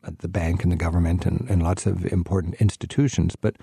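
A man hosting the conversation, asking his guests curious questions in a relaxed way. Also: low voice, fairly quick, creaky, husky, no room sound, studio quality. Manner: curious, prompting questions, chuckles often. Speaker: host. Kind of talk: casual interview.

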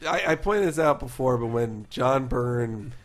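A man's voice: medium pitch, expressive. Man, podcast co-host, loose rambling chat full of fillers and side comments. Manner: rambling, filler-heavy, quick asides. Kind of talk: casual chat.

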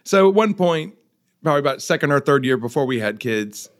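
A middle-aged man joins a casual podcast chat as a guest. His voice rises and falls in a lively way, and he talks in an easygoing manner, quick to laugh. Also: a little high. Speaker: guest, host's husband.

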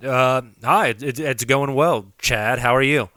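A man playing a cautious team executive on a mock trade call who weighs offers in a hesitant, measured way. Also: mid-range voice, bright, forceful tone, no echo.

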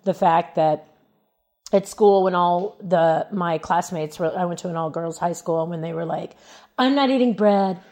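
A woman's voice: lowish voice, flat delivery, normal speed, mellow. A woman from Louisiana speaking as a podcast guest in casual chat, telling personal stories frankly and laughing along the way.

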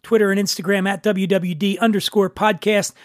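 A man's voice: sits high, level tone, a little fast, dry recording, clean studio sound. A man hosting a podcast, teasing and joking with his guest. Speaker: podcast host. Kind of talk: casual chat.

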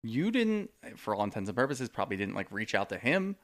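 A man's voice: fairly low pitch, big pitch swings, fairly quick. A man co-hosting a podcast, recapping a reality show in casual, rambling chat full of "like.". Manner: rambling, hedging with "like". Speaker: podcast co-host.

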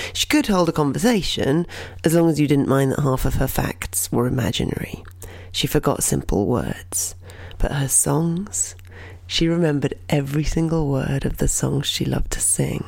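Gravelly, expressive storytelling teacher. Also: medium pitch, no room sound. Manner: expressive, dips into soft whispers. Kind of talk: told personal story and lesson.

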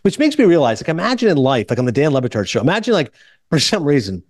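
A man hosting a casual movie podcast, telling stories quickly and acting out the people he quotes. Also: a little high, no echo, studio quality. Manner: fast, animated storytelling with quoted voices. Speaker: podcast host.

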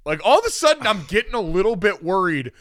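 A young man co-hosting a casual sports talk show, quick and teasing. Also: sits high, sing-song, fairly bright tone, dry recording, studio quality. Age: young adult. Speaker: co-host.

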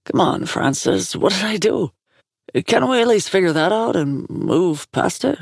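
A woman's voice: mid-range voice, lively intonation, unhurried, vocal fry, dry recording, clean studio sound, pitched above the performer's own voice. A woman voicing a nervous, awkward young man who speaks hesitantly. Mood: pleading.

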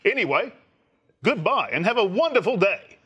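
Man doing a plummy pompous English gentleman. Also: high voice, very animated, moderate pace, husky, exaggerated voice. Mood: pompous sign-off. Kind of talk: comic impression in casual chat.

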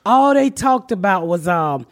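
A woman's voice: medium pitch, expressive, unhurried. A middle-aged woman hosting a podcast, telling brash, profane stories in casual chat and often breaking into laughter. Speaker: podcast host.

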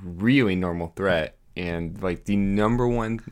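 A man's voice: low-pitched, measured pace, a little mellow. A man co-hosting a podcast in casual chat, rambling with fillers in a mock-pompous way. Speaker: podcast co-host.

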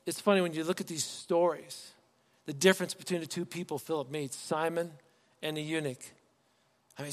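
Man preaching, conversational, in an echoing hall. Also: fairly high pitch. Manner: conversational, asks the congregation rhetorical questions. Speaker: pastor. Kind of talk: sermon. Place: church sanctuary.

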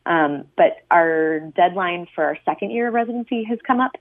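A woman's voice: lowish voice, animated, a little fast, dry recording. A young woman calling in to a radio advice show, speaking hesitantly with lots of ums. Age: young adult. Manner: hesitant, many ums, nervous laughs. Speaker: caller. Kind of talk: phone-in caller telling her story. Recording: tinny phone line.

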